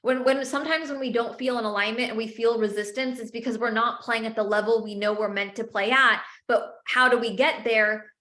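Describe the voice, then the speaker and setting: Passionate higher-voiced woman coaching sales. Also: steady tone, fairly quick, hardly any pauses, pushed and bright, echoey room. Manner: passionate, emphatic, repetitive phrasing. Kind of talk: live masterclass teaching.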